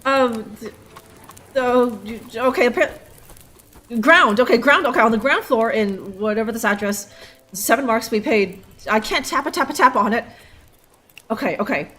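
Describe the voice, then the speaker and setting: A woman's voice: fairly high pitch, animated, normal speed, a bit bright. A woman streaming a detective game live, rambling and laughing as she sounds out German words with frequent curses. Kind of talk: casual live gameplay commentary.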